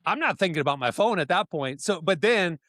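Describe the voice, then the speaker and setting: Guy hosting a chatty podcast, kinda high voice, dry close mic. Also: animated, brisk, fairly bright tone, dry recording. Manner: jokey, runs the segments. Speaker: podcast host. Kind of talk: casual chat.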